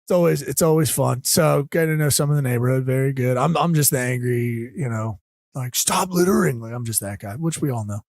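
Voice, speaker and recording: A man's voice: medium pitch, brisk, gravelly, darkish tone, dry recording. A man co-hosting a podcast in casual chat, dry and sarcastic, teasing his friend. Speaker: podcast co-host.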